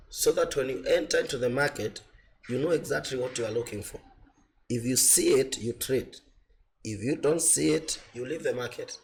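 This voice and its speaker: A man with a medium-pitched voice gives an online trading lesson, his voice slightly rough from a cold. He explains step by step, repeating key words with plenty of fillers. A faint hiss sits under the recording. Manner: repetitive, plain explaining with fillers. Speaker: forex trading instructor. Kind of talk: online class lecture.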